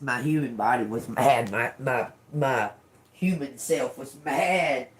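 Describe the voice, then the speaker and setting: A woman's voice: rumbling low, slow pace. A woman hosting a tarot livestream who tells a personal story casually. She talks frankly, swears a lot, repeats phrases and breaks into laughter often. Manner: drawling, repeats herself. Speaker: tarot reader livestream host.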